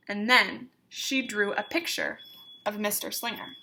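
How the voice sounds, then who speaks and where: A female teacher reads a picture book aloud to her class with slow, expressive pacing. Her voice is high and bright. She pauses to teach new words to the children. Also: a little hiss or hum. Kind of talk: storybook read-aloud to students.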